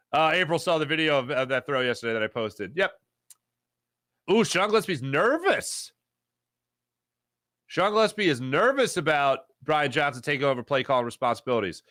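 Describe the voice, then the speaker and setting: A man hosting a live sports talk show, reading viewer chat in a jokey, animated way and greeting chatters with loud excitement. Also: a little high, fairly quick, no echo, clean studio sound.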